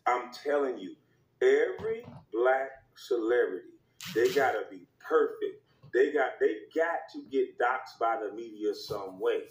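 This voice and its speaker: A man's voice: mid-range voice, lively intonation, measured pace, reverberant, low-quality recording. A man giving an emphatic sports opinion rant, repeating points for stress. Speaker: commentator.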